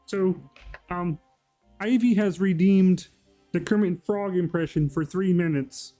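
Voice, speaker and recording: A man's voice: sits high, unhurried, dark tone, faint music behind, voice pushed up. A man putting on a meek, flustered frog puppet voice while chatting on a live stream, rambling and apologizing to his chat.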